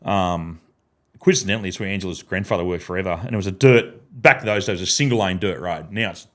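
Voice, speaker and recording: A man, a podcast guest telling a sweary, animated story and laughing through his sentences in a studio. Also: low voice, fast talker. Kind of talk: casual storytelling.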